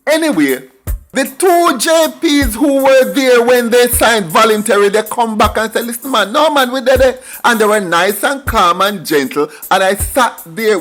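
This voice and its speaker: A man's voice: sits high, measured pace, a bit bright, faint music behind. A middle-aged man with a Jamaican accent tells a story in an emphatic monologue, slipping into patois for asides. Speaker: commentator.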